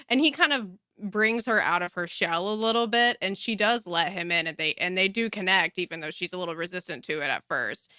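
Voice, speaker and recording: A woman's voice: fairly low pitch, expressive, fairly quick, hardly any pauses, bright, forceful tone, clean tone, dry recording, studio quality. A woman co-hosting a podcast in easygoing casual chat. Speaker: podcast co-host.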